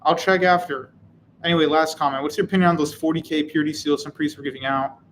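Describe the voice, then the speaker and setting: A man's voice: fairly high pitch, steady tone, fast talker, slight background noise, poor audio. A man hosting a live stream, reading chat comments and answering in a casual, wry, rambling way. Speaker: channel host.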